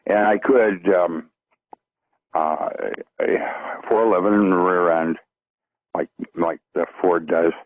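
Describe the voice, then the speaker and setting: A man's voice: low-pitched, fairly even intonation, takes it slowly, long pauses, dry recording, phone-quality sound. An older man, a guest on a radio show, calling in by phone and talking enthusiastically and in technical detail, with frequent fillers and chuckles.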